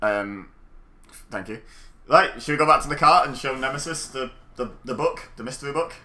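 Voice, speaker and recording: A man playing a character in a tabletop game. He talks in character in a stammering, expressive way. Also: mid-range voice, normal speed. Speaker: player. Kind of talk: tabletop role-play chat.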